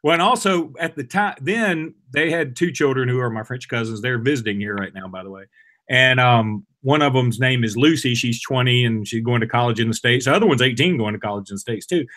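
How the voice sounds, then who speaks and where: A man in his forties from Alabama, co-hosting a talk show and chatting casually, telling stories with lively quoted voices. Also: a little fast. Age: 40s. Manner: animated storyteller, jumps to higher voices for quoted people. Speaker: radio show co-host. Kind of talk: casual chat.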